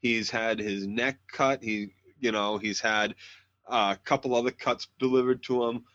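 A man's voice: lowish voice, steady tone, moderate pace, fairly bright tone. A man co-hosting a podcast, chatting casually about a TV episode and chiming in with details and corrections. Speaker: podcast co-host. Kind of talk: casual TV recap chat. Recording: dull lo-fi audio.

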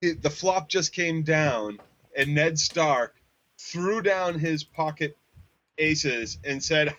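A man's voice: a little high, slow pace, fairly bright tone, dull audio, slight background noise. A man co-hosting a casual recap show, joking and emphatic. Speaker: podcast co-host.

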